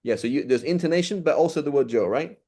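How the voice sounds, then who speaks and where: A man's voice: on the high side, quick pace, mellow. A man teaching an informal Quran study class, explaining step by step and checking in with his listeners often.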